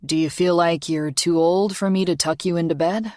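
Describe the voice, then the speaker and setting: A calm, gently teasing single father, low and unhurried, as a woman narrator voices him. He talks easy and warm with a wry edge. The audiobook sound is dry and close-miked. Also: no room sound, natural voice. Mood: tender. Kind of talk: audiobook character voice.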